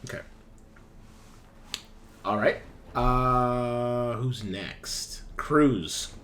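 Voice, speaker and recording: A man's voice: mid-range voice, very slow, fairly bright tone, a little hiss or hum. A man running a tabletop role-playing game as game master, explaining rules patiently and narrating the action.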